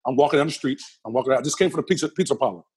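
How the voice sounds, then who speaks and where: A man being interviewed, telling a personal story with lively energy and acting out the other people's lines. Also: mid-range voice, racing, husky. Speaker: interview guest.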